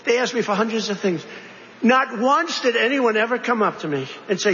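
A politician speaking to a crowd, rambling between topics with repeated phrases, asides and rhetorical questions. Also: male voice, very high-pitched, animated, brisk, pushed and bright. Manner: digressive, repetitive, conversational asides and rhetorical questions. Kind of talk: rambling campaign-style speech. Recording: dull, reverberant hall recording with faint noise.

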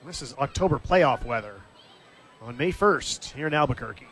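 A man calling live baseball play-by-play in a steady, conversational way, lifting his voice briefly when the action comes. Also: medium pitch, moderate pace, slight background noise. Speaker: play-by-play announcer. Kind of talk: live baseball radio commentary.

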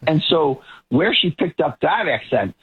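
A man's voice: fairly high pitch, very animated, a little slow, husky, phone-quality sound, faint music behind. A man from the Boston area giving emphatic political commentary as a talk show guest, often repeating words as he builds a point. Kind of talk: talk show panel discussion.

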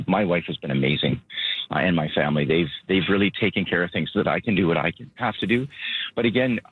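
A man speaking as a local government spokesperson, out of breath and earnest, rambling with halting restarts. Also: lowish voice, breathy edge. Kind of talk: phone interview. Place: outdoors at his vehicle. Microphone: phone. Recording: tinny phone line.

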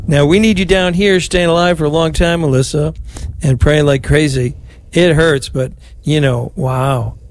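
Older male priest host, folksy and joking, slightly high voice, leads prayers and takes calls. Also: steady tone, normal speed, few pauses. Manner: warm, folksy, joking with callers. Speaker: priest and radio rosary host. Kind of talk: leading prayer and taking calls.

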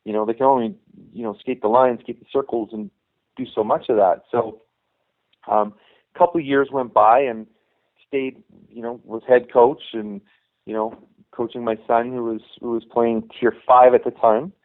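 A man's voice: medium pitch, moderate pace. Middle-aged man telling stories over a phone line. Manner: rambling anecdotes, acting out quoted dialogue. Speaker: youth hockey coach, guest. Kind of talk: casual storytelling interview.

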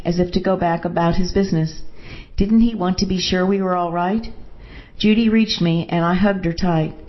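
A woman narrating a first-person story in a calm, measured way. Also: lowish voice, muffled recording.

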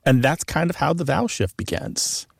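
A man's voice: fairly high pitch, sing-song, moderate pace, creaky, husky, no room sound, studio quality. A man co-hosting a call-in radio show about language, explaining with enthusiasm.

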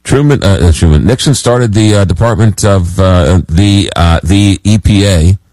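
A man hosting a late-night call-in radio show, reading listener messages and talking with callers, often halting on fillers. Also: low voice, darkish tone, no room sound, rough recording.

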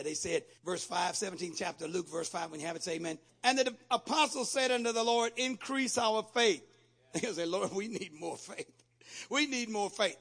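A male pastor preaching a sermon with call-and-response, building from steady teaching to shouted exhortation. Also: on the high side, gravelly, breathy edge.

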